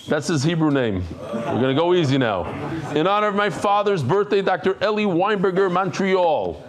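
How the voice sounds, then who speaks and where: A middle-aged man from the United States leading a Talmud class before a live audience, chatting, joking and quickly reading out names. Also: sits high, lively intonation, a crowd in the background. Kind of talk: casual class talk. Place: study hall with a live audience.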